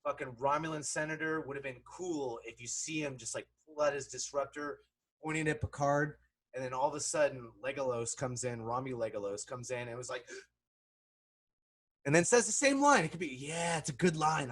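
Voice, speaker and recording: A man giving sarcastic, profane reaction commentary, swinging between low mutters and loud outbursts. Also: normal speed, slightly rough.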